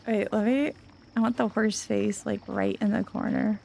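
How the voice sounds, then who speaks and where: A woman game streamer chatting casually on a live stream, gushing and excitable, rambling with lots of restarts. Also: mid-range voice, moderate pace, creaky, a little hiss or hum.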